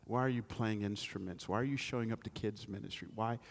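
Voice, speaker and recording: A man's voice: lowish voice, a little fast, vocal fry. A male pastor preaching a sermon, telling stories and asking the congregation pointed rhetorical questions.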